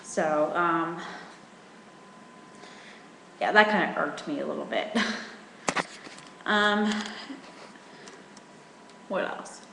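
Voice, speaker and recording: A woman's voice: on the low side, extremely slow, creaky, pauses often, echoey room, in a large hall, background noise. A young woman from rural in her twenties, chatting casually in a rambling vlog at home with lots of fillers. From rural Virginia. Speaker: vlogger.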